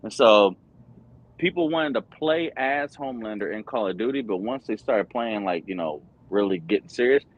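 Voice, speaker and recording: A man's voice: lowish voice, lively intonation, moderate pace, lo-fi sound. A man hosting a pop-culture stream, rambling in casual chat with lots of fillers and crude slang over an online voice chat.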